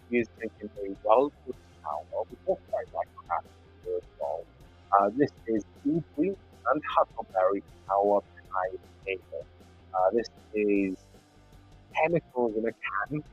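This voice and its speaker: A man's voice: on the low side, lively intonation, measured pace, breathy edge, lo-fi sound, soft background music. A man with a Welsh accent hosting a casual whiskey livestream, chatty and easygoing, thanking viewers by name. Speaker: whiskey channel host. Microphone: clip-on mic on his shirt.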